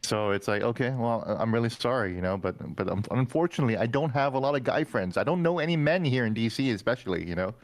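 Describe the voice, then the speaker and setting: A man chatting as a podcast guest, telling candid stories with lots of halting restarts and playful acted-out quotes. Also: mid-range voice, expressive, dry recording. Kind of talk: casual chat.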